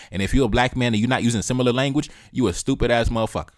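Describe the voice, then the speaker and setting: A man's voice: medium pitch, racing, hardly any pauses, dry recording. A man hosting a reaction video, giving heated political commentary in a blunt, profane way and repeating his key points, close to the mic.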